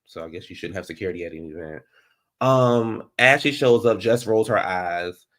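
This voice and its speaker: A man with a low voice recaps a reality TV episode in a casual way, speaking at a moderate pace. He's sassy and animated, swinging from loud outbursts to muttered asides.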